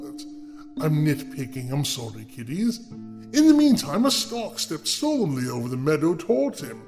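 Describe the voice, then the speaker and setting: A man reading a fairy tale aloud as host, breaking off for sardonic, mocking asides to the listener. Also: high voice. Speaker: storyteller host.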